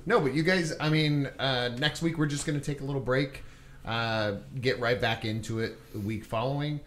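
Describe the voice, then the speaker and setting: A man's voice: mid-range voice, moderate pace, a bit bright, a little hiss or hum. A man chatting casually and joking at the end of a tabletop game stream. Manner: laid-back, joking. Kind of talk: casual chat.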